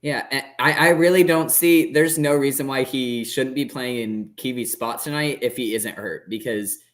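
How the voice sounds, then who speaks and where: A man's voice: mid-range voice, moderate pace. A man co-hosting a sports podcast, talking in a hesitant way that often restarts and repeats words. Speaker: podcast co-host. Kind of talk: casual sports chat.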